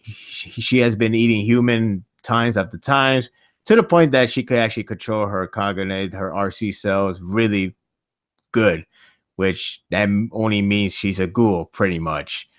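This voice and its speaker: A man hosting a casual podcast chat, rambling and animated, laughing often. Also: fairly low pitch, a little slow, no room sound, studio quality. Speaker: podcast host.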